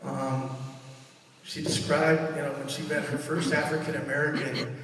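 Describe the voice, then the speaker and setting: Middle-aged man, halting eulogy in an echoey hall. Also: a little high, flat delivery, background noise. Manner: halting, searching for words, warm storytelling. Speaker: son giving a eulogy. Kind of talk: funeral eulogy. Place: funeral service hall. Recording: echoey hall, far from mic.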